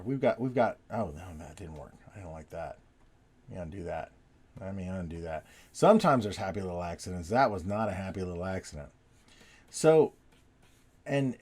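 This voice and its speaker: A low-pitched man with a warm, mellow voice talks through a drawing session at his desk. He rambles along in a relaxed, chatty way and second-guesses his lines as he goes. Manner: rambling, chatty, self-correcting as he draws. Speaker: artist drawing on video. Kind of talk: casual talk while drawing.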